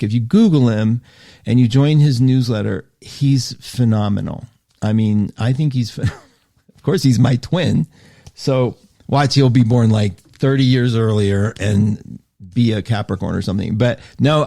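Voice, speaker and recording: A male radio host talking to listeners in a chatty, animated way, often breaking off mid-sentence and reading listener comments aloud. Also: medium pitch, vocal fry. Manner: chatty, animated, self-interrupting. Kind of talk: live radio show monologue.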